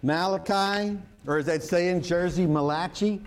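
A man's voice: high voice, lively intonation, a little slow, slight background noise. A man preaching a sermon as pastor, mixing jokes and stories into his teaching and drawing out key words for emphasis. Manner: humorous, joke-telling preacher.

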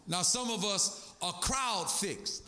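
A man's voice: high voice, slow, pushed and bright, echoey room. A man preaching a sermon, calling to the congregation for responses and breaking into song.

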